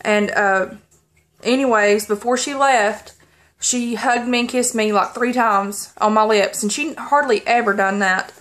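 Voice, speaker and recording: A woman speaks to her viewers in a fairly high voice while holding back tears. She talks haltingly, drifts off track and restarts her sentences often. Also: fairly bright tone. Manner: halting, rambling, many pauses and restarts. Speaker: vlogger. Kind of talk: personal story to camera.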